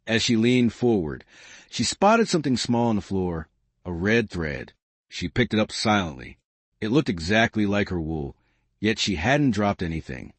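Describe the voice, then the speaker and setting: A man tells a bedtime mystery story in a calm, unhurried way. His voice sits low but moves freely in pitch, and the recording is close and dry. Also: no room sound. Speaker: narrator.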